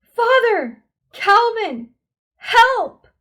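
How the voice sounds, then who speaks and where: A woman voicing a frightened young girl in pain who shouts and pleads loudly. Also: extremely high pitch, very animated, extremely slow, pitched above the performer's own voice, full character voice. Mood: terrified.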